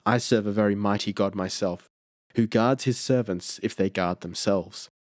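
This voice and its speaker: A man voicing a calm, brave Roman Christian traveller who speaks in a calm, earnest way. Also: lowish voice, normal speed, no room sound, clean studio sound, natural voice. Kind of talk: audiobook character reading.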